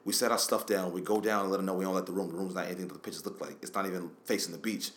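A man co-hosting a podcast, telling a long story in casual, profane, animated chat. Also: low-pitched, rapid-fire, slight background noise. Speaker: podcast co-host.

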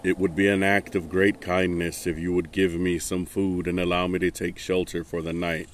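A timid peasant, chilled and hungry, begs politely for shelter in a storybook fable, as a man reads him. The voice is low and deep, soft and courteous. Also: flat delivery, moderate pace, slight background noise, natural voice. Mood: pleading. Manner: polite and pleading. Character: cold, hungry, timid male peasant traveller.

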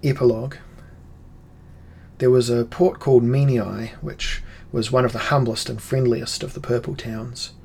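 A man reads a fantasy audiobook, measured and unhurried. His voice sits at a plain middle pitch, and the storytelling is steady and deliberate. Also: gravelly, breathy edge. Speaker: audiobook narrator. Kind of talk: scripted fantasy narration.

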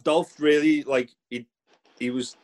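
A man's voice: a little high, steady tone, a little slow, a little mellow. A young man co-hosting a casual chat, recapping matches in a blunt, laid-back, sweary way. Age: young adult. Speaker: podcast co-host.

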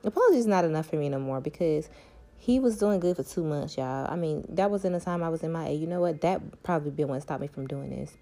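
A woman's voice: sits low, lively intonation, fast talker, warm tone. A young woman, talking candidly and emphatically to her viewers about her love life and self-worth, repeating points for stress. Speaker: vlogger.

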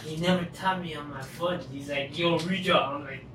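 A man's voice: a little high, steady tone, normal speed. A man who is a regular on a podcast, telling his side of a story in a blunt way and swearing often. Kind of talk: casual chat. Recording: echoey room with clear noise, far mic.

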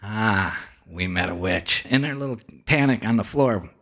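A man hosting a podcast, telling a story in animated, casual fashion with frequent swearing. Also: lowish voice, moderate pace. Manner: animated, swears freely, hushes for quoted whispers. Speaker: podcast host.

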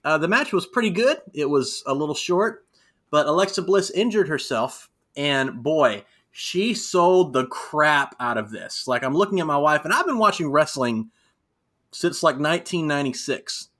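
A man in his thirties co-hosting a casual wrestling chat, animated and rambling with fillers. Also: fairly high pitch, normal speed. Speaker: podcast co-host.

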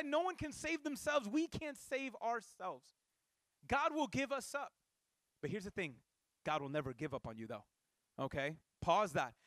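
A male pastor giving a sermon in a casual, animated way, with slang asides to the congregation. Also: very high voice, no echo.

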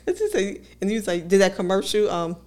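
A woman's voice: medium pitch, sing-song, fast, a little mellow. A woman co-hosting a podcast, talking candidly and laughing often as she tells personal stories. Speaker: podcast co-host. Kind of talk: casual conversational podcast.

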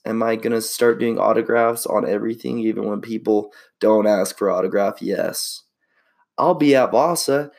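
A man's voice: lowish voice, creaky. A young man hosting his own podcast, rambling in an upbeat, slangy way. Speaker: podcast host. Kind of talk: casual solo podcast chat.

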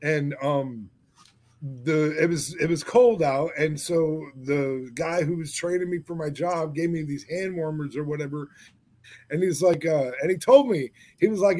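A man's voice: fairly high pitch, normal speed, mellow. A man with a New York accent, a guest on a podcast, telling a story with frequent laughter. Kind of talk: casual chat.

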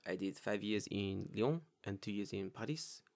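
A man doing a halting French-accented fisherman. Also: fairly low pitch, darkish tone, voice pushed down, close to an everyday voice. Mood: musing. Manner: halting, searching for words. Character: salty bearded male fisherman with put-on French accent.

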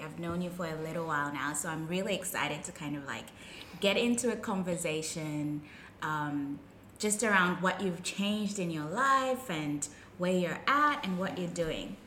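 A woman's voice: fairly low pitch, measured pace, bright, forceful tone. A woman hosting a podcast interview, upbeat and enthusiastic, asking friendly questions. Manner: enthusiastic, lots of "awesome". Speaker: podcast host. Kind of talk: casual interview. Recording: roomy echo, faint noise.

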